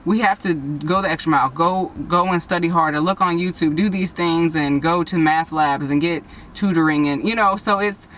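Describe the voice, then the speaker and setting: A young woman, an interview guest and nursing graduate, telling her story in an animated, emotional way with frequent restarts. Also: on the low side, moderate pace, few pauses, recorded from a distance, slight background noise, poor audio.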